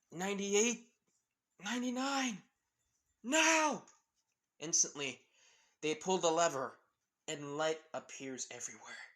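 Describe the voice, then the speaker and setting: A man's voice: mid-range voice, fairly bright tone. Chuckling, rambling male storyteller. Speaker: fan fiction storyteller. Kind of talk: improvised story narration.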